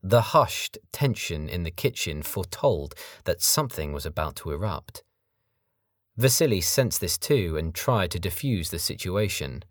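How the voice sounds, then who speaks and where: A man narrating a novel audiobook in a measured, steady reading style. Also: low voice, no room sound, clean studio sound. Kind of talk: scripted narration.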